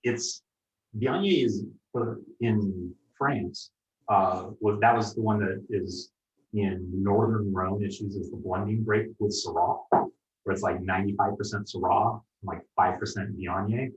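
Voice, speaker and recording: Low male sommelier host, halting explainer, distant mic in an echoey room. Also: lo-fi sound. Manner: explanatory, hesitant with many fillers. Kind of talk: casual wine tasting chat. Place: room in a home.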